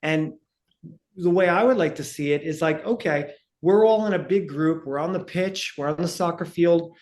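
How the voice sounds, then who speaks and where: A man's voice: on the high side, normal speed, darkish tone. A man talking as a breathing instructor on a podcast, explaining energetically in casual chat and checking in with "right?".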